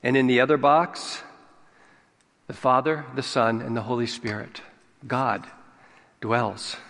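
A man preaching a sermon, slow and deliberate, stressing key words. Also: medium pitch, fairly bright tone. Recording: long hall reverb.

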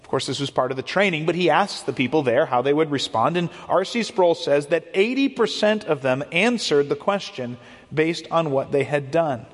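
A man's voice: fairly high pitch, expressive, normal speed. A man preaching a sermon as a pastor, explaining earnestly and often repeating words as he goes. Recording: long hall reverb.

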